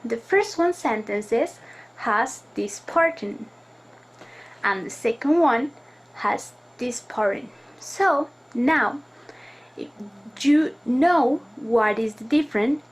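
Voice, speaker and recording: A woman student giving a recorded class presentation, reading through an explanation with careful, deliberate phrasing. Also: fairly high pitch, lively intonation, low-quality recording.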